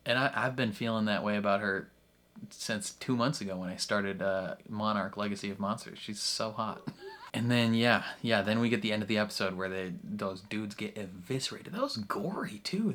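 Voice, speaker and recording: A man hosts a reaction video in a chatty, casual way, packing his talk with fillers and laughing often. His voice is on the low side and a bit bright, at a normal speed.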